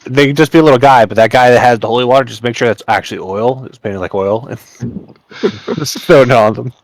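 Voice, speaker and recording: A man in a casual chat, jokey with quick bursts of talk. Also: mid-range voice, dry recording.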